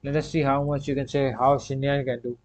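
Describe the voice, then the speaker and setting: A man's voice: medium pitch, flat delivery, brisk, darkish tone. A man giving casual commentary while he plays a video game. He talks himself through each move, repeats short commands and keeps filling gaps with "you can say.". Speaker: gaming streamer.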